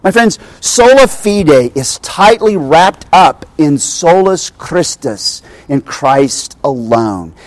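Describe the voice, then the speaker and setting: Male pastor, animated sermon storyteller, slightly high voice, dry close sound. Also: no room sound. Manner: animated storytelling, addressing the congregation directly.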